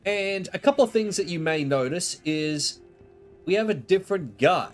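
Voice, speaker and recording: Man, casual gameplay commentary, stuffy from flu, lively pitch, fairly high voice, chatty and self-mocking. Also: soft background music. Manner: chatty, self-deprecating, lots of pauses. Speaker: gaming video creator.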